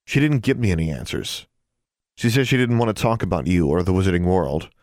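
A man reading an audiobook, voicing a hurt, sharp-tongued teenage witch girl in a raised, sharp voice. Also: animated, a little fast, no room sound, clean studio sound. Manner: pitched up, hissing and sharp when angry.

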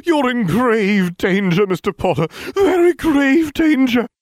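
A man's voice: very high-pitched, lively intonation, unhurried, no echo, pitched above the performer's own voice. A man voicing a dithering, melodramatic woman seer teacher. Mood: dire warning.

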